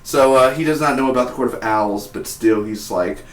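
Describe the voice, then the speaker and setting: Man, casual TV reviewer, rambling and excitable, average pitch, echoey room. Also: a little fast. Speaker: TV review vlogger.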